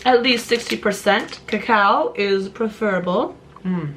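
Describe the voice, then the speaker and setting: A woman's voice: medium pitch, measured pace, fairly bright tone, a little hiss or hum. A woman hosting a home cooking video, chatting casually to viewers with joking asides, in her kitchen. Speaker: cooking channel host. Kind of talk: casual recipe vlog.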